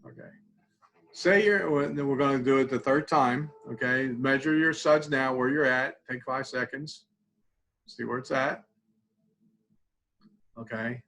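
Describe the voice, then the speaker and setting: An older man, a college support clinician, calmly teaching a tapping technique in a webinar, often dropping to quiet repeated phrases. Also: mid-range voice, a little slow, pauses often, rough recording.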